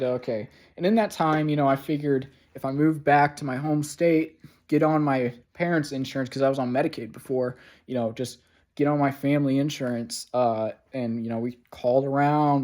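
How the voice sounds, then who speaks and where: A young man telling a long story to a camera at home in a rambling, swearing way, full of fillers, with sudden loud sarcastic outbursts. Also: mid-range voice. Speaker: vlogger. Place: home room. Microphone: camera mic.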